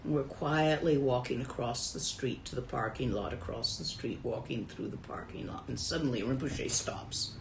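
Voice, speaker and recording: A woman's voice: rumbling low, moderate pace, vocal fry, few pauses, roomy sound, background noise. A woman who teaches Buddhism and translates Tibetan, telling a story from her own life in a dharma talk in a casual, wry way.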